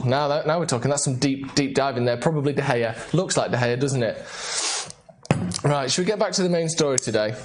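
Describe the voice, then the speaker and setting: A man's voice: medium pitch, slight background noise. A young man hosting a casual live football show, joking and rambling playfully. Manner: jokey, playful, rambling banter. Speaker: host. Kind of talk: casual live-stream chat.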